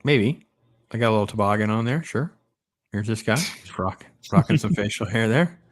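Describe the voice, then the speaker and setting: A man hosting a casual movie review chat, rambling and animated, often trailing off and restarting. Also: on the low side, normal speed. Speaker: podcast host.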